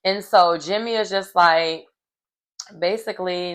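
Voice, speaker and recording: An animated woman gossiping through a show recap. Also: mid-range voice, unhurried. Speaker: reality TV recap vlogger. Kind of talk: casual recap chat.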